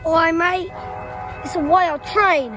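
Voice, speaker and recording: A woman putting on a loud, goofy mock-Australian voice for a playful train spotter, shouting "oi, mate" over and over, outdoors in the rain. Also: extremely high pitch, fairly even intonation, takes it slowly, pitched above the performer's own voice. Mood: rowdy. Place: outdoors by a railway crossing in the rain. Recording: outdoors with heavy rain noise.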